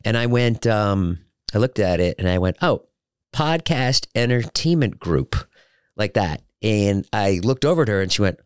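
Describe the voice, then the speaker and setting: A man's voice: lowish voice, moderate pace, darkish tone, clear, resonant tone, no echo, clean studio sound. A man hosting a solo podcast, telling joking, rambling anecdotes with lots of fillers and restarts. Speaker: podcast host.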